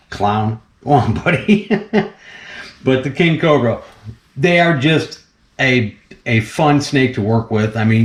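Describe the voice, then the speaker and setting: Chatty guy, laughing a lot, talking to his pet snake, roomy echo. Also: medium pitch. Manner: chatty, laughs often, talks to the animal. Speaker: snake keeper and channel host. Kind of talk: casual vlog commentary while feeding a snake.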